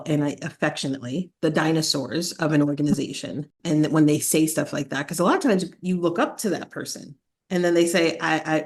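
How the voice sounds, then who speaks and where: A woman in her forties hosting a podcast, chatty and relatable, asking questions and sharing quick asides. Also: low-pitched. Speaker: podcast host, career coach. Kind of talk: casual interview talk.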